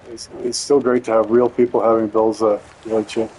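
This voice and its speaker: A man's voice: lowish voice, little pitch movement, brisk, darkish tone, slightly rough, low-quality recording. A man streaming a game, telling a rambling, profane story in a casual way. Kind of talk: casual storytelling while gaming.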